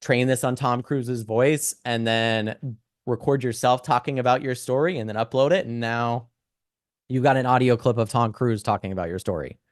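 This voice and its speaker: A man's voice: mid-range voice, normal speed, no room sound, studio quality. A young man casually talking through an AI audio tool in a screen-share lesson, chatty and full of "right?" asides. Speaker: instructor demonstrating AI tools.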